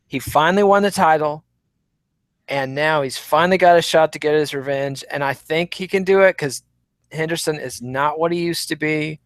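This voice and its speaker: Dry-humored Texas Panhandle man, higher voice. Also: fairly bright tone, clean tone, no room sound. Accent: Midwestern American, Texas Panhandle. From Texas Panhandle, USA. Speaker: podcast co-host. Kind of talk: casual chat.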